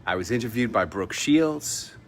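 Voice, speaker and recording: Animated middle-aged man telling a story. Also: lowish voice, normal speed. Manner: animated storyteller, acts out quoted dialogue. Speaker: vlog host. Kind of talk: casual storytelling vlog. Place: home in Mexico.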